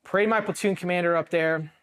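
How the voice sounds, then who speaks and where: A man's voice: sits high, steady tone, quick pace, a bit bright, clear, resonant tone. A man in his thirties from Ohio, a military veteran telling his story candidly, blunt and heavily profane, with flashes of emotion. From Ohio, USA.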